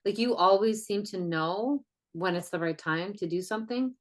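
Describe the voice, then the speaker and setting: A woman co-hosting a podcast, warmly praising her co-host in a casual, effusive way, with lots of "like". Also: medium pitch, moderate pace. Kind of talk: casual chat.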